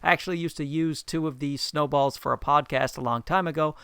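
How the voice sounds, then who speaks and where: Brief: upbeat nasal host, slightly high voice, dry close-miked sound, loose chatty delivery. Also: male voice, fairly even intonation, brisk, creaky, fairly bright tone, smooth, dry recording. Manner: chatty, joking asides, frequent "uh" fillers. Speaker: tech reviewer, channel host. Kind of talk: casual product review. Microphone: close USB condenser mic with pop filter.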